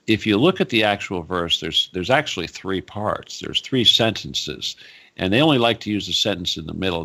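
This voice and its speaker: A man hosting a talk radio show, chatting casually and rambling, with frequent laughs and animated asides. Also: fairly low pitch.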